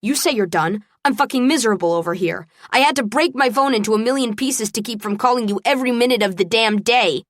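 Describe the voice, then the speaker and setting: A woman's voice: mid-range voice, animated, fast talker, hardly any pauses, dry recording. Drunk, heartbroken college guy, read by a woman; raw and pleading, dry and close. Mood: anguished.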